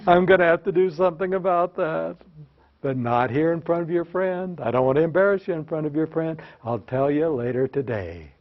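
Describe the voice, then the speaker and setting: A man voicing an unflappable older woman teacher who speaks sweetly and calmly with a quiet threat underneath. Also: on the high side, brisk, close to an everyday voice. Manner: sweet, calm, quietly menacing. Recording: slightly dull lo-fi recording.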